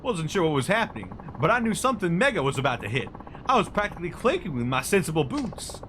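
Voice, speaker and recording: A man voicing an excitable, flamboyant male street photographer in a game, loud and theatrical. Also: on the high side, fast talker, voice pushed up. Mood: excited. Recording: noisy stream audio.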